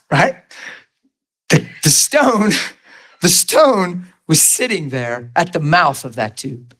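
A man in his thirties or forties tells his testimony from the pulpit, his pitch leaping high and dropping low as he acts out each moment. He laughs often and keeps the story lively, preaching more than lecturing.

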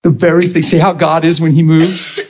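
A man preaching a sermon, telling a personal story with passion and a voice that swings high and low. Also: flat delivery, brisk, highs cut off.

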